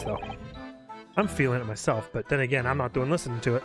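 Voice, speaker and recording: A man's voice: medium pitch, quick pace. A man streaming a game, chatting in a joking, crude, self-mocking way. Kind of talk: casual gameplay commentary. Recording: game music loud behind.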